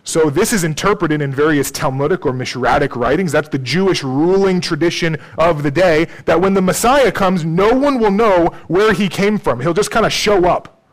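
Conversational male preacher, slightly high voice. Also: normal speed. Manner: conversational, peppers points with "okay?" and "right?". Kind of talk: sermon.

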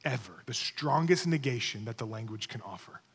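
A man's voice: mid-range voice, animated, normal speed, husky. A man preaching a sermon, teaching emphatically, repeating key words and checking in with his listeners. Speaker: pastor. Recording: long hall reverb.

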